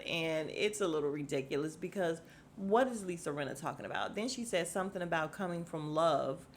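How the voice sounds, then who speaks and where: A woman's voice: mid-range voice, slight background noise. Sassy, blunt woman podcaster. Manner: blunt, sassy, profane, quoting people in animated bits. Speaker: podcast host. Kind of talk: casual reality TV recap.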